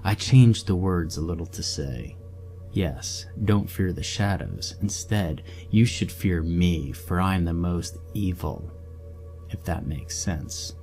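A man voicing a menacing, cold-blooded male soldier who talks in a low mutter. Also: expressive, slow pace, a little mellow, soft background music, exaggerated voice.

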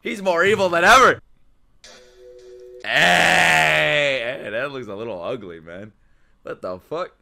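A man streaming excited reactions to an anime, loud and exclamatory, swearing and breaking into laughter. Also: fairly high pitch, takes it slowly, creaky, long pauses, soft background music. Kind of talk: excited live reaction commentary.

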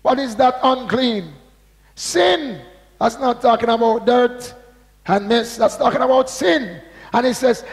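A man preaching a sermon. He speaks slowly and with emphasis, asks the congregation to repeat key words, and reads scripture with drawn-out stress. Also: extremely high pitch, big-room sound. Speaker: pastor. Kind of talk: sermon with call-and-response.

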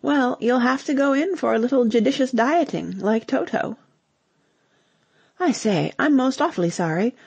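A cheerful, bumbling young English husband with a breezy, slangy way of talking, read by a woman. The voice is husky with a gravelly edge and swings up and down in pitch. It sits close and dry. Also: animated, normal speed, darkish tone, no room sound, full character voice.

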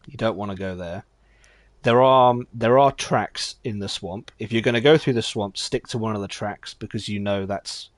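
A man giving casual, rambling commentary while streaming a game, chatting easily and getting excitable when the action heats up. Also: fairly low pitch, dry recording. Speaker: gaming streamer.

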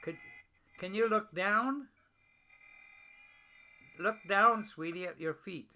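An older man talking tenderly to his wife over a video call, gentle and affectionate, often repeating pet names. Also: high-pitched, takes it slowly.

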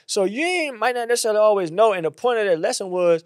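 A man who is a pastor, chatting about faith in a casual, animated way and acting out quotes in a higher voice. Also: quick pace, few pauses, smooth, dry recording, studio quality. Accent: Southern US.

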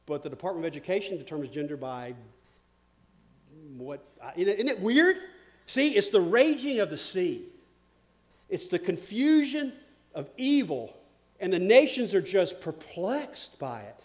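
High-voiced preacher, loud then hushed. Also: male voice, big pitch swings, normal speed. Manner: emphatic preaching with sudden swings from loud to hushed; repeats words and asks the crowd questions. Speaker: pastor. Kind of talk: sermon.

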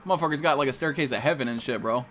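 A man's voice: medium pitch, rapid-fire, a bit bright. A young man streaming a video game, talking to his chat with brash, profane trash talk. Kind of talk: live gameplay commentary.

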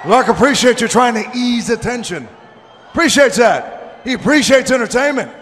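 A man's voice: extremely high pitch, lively intonation, moderate pace, fairly bright tone, slight background noise. A man cutting a cocky, mocking wrestling promo on a handheld mic, calling himself by name in the third person, in a large arena. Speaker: professional wrestler. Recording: arena echo with crowd.

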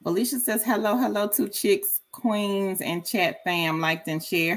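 A woman hosts a relaxed livestream, reading viewers' comments one by one. She talks slowly and drags out her words, then jumps up into a high sing-song voice to greet people by name. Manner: slow, drawn-out delivery. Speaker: livestream host.

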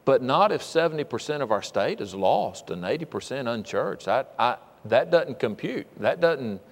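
An older man preaches in a church, his voice carrying a long hall reverb. He is earnest and folksy, often restarting his sentences, at a middle pitch for a man. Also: big pitch swings, moderate pace. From Georgia, USA. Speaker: state missionary preaching. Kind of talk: sermon. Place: church sanctuary.

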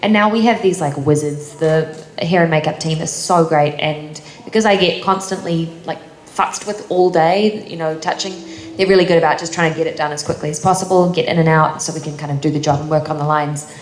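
Young New Zealand woman on a convention panel, chatty, a little low-pitched, in a boomy hall with faint noise. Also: fairly even intonation, fairly quick, hardly any pauses. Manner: chatty, laughs often, many fillers. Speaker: actor answering fan questions.

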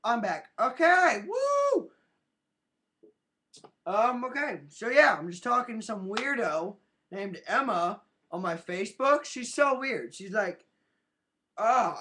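Very high, lively goofy young guy. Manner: goofy, rambling, silly sound effects. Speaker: webcam vlogger. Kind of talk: casual rambling webcam chat. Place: at home in front of a webcam. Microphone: built-in webcam mic.

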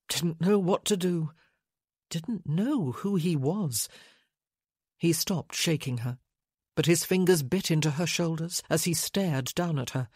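A woman narrating an audiobook in a measured, unhurried reading. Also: low-pitched, darkish tone, slightly rough, no echo, studio quality.

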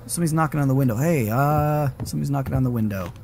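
A man's voice: medium pitch, rapid-fire, vocal fry, a little mellow, a little hiss or hum. A man streaming a horror game live, rambling and swearing casually as he plays. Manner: rambling, self-interrupting and swearing; frequent laughing asides. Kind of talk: casual live gaming commentary.

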